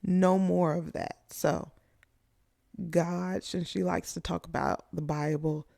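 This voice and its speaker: A commentator giving angry commentary in a slow, blunt, profane way. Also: medium pitch, little pitch movement, vocal fry, dark tone, dry recording, studio quality.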